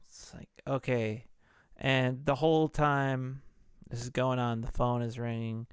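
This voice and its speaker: A man's voice: mid-range voice, flat delivery, unhurried, clean tone, no echo, clean studio sound. A man hosting a podcast, retelling a film in a laid-back, profane, casual way. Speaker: podcast host. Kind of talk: casual movie recap podcast.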